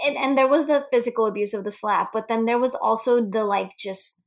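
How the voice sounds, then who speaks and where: A woman's voice: medium pitch, normal speed, hardly any pauses. A woman co-hosting a casual movie chat, blunt, laughing often and swearing freely. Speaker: podcast co-host.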